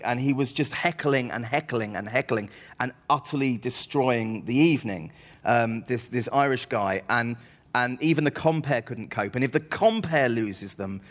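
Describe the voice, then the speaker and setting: A man, a comedian telling rambling, self-deprecating stories as an interview guest. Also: mid-range voice. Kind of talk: anecdotal interview chat.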